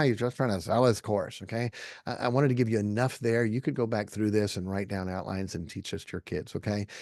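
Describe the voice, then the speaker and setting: A man's voice: on the low side, warm tone, no room sound, studio quality. A middle-aged man giving an earnest, folksy Christian talk to a live audience, often checking in with "okay?". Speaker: Christian speaker.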